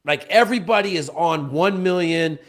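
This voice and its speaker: With a higher-than-average voice and an unhurried pace, a male podcast guest animatedly recounts a story in conversation. He stresses his points and keeps asking "okay?" while calling the listener "bro."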